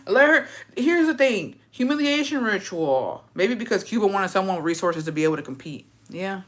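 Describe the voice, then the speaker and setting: A woman's voice: fairly low pitch, lively intonation, quick pace, few pauses. A young woman hosting a casual gossip chat, ranting with plenty of swearing and rhetorical questions. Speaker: host.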